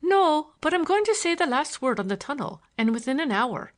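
A woman's voice: sits high, very animated, normal speed, pitched above the performer's own voice. A woman voicing a bantering Irish man with rolling, trilled R's, teasing and mock-scolding in an audiobook. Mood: eager.

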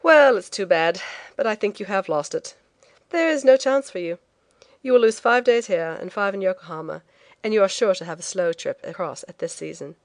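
A woman reading the lines of a brisk male shipping agent who speaks with blunt certainty. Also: medium pitch, animated, dry recording, lightly acted. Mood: insistent. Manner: brisk, insistent.

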